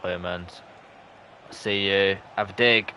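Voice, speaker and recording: A young man, streaming live, commenting on the match and chatting with viewers, breaking into shouts at close chances. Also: deep voice, fairly even intonation, slow, a little hiss or hum. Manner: chatty, bursts into shouts at near misses. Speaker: gaming streamer. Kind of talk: live gameplay commentary and chat reading.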